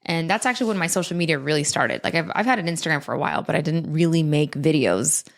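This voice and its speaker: Young woman comic guest, lower-pitched, lively storyteller who laughs a lot. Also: gravelly. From United States. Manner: animated storyteller, laughs often, quick asides. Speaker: comedian and content creator guest. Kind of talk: casual podcast chat.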